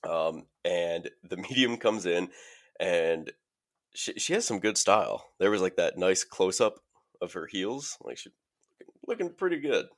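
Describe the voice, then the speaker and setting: A man with a low voice walks through a movie plot in a casual podcast chat. He rambles along, padding his sentences with ums and uhs. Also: animated, measured pace. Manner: rambling, filler-heavy retelling. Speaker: podcast host.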